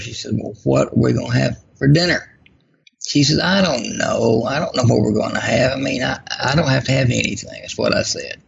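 A man recounts a personal story in a folksy, self-deprecating manner. His voice is heavily gravelly and husky. The recording sounds dull and lo-fi. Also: mid-range voice. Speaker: guest.

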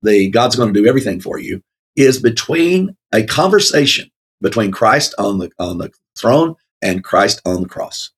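Guy chatting about the bible, low husky voice, lots of uhs, laughs a lot. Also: very animated, normal speed. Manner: rambling, many fillers, laughs often. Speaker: co-host of a Bible talk show. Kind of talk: casual Bible discussion.

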